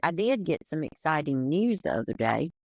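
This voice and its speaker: Southern woman co-host, gravelly drawl, dry muffled mic, casual storyteller. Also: low voice, big pitch swings, normal speed, a little mellow, no echo. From American South. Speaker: podcast co-host, hairstylist. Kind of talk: casual chat.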